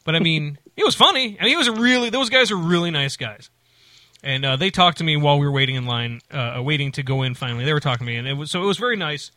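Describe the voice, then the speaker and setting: A man with a bright, forceful voice tells a casual story in a dry, close-sounding room. He rambles and restarts, slipping into quick voices for the people he quotes. His pitch sits a little high for a man. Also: no room sound. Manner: rambling, animated, many restarts and acted-out quotes.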